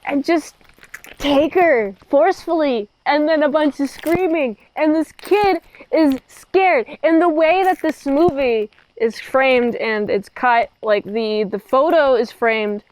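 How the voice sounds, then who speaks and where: A woman's voice: sits high, slow pace, a little mellow, rough recording. A woman recapping a horror film in a casual, chatty way, with joking, rambling asides. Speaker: movie reviewer.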